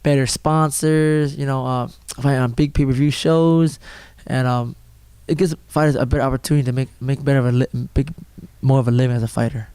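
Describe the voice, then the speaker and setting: Young male fighter, filler-heavy, clear-voiced. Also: medium pitch, steady tone, brisk, mellow, no room sound. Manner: rambling, filler-heavy, chuckling. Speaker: mixed martial arts fighter. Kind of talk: casual interview answers. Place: fight gym.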